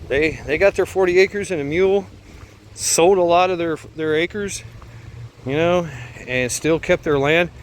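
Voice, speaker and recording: Man, slightly high voice, rambling storyteller, swears a lot, fillers and restarts, faint vehicle hum behind. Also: measured pace. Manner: laughs often while telling. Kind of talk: casual storytelling.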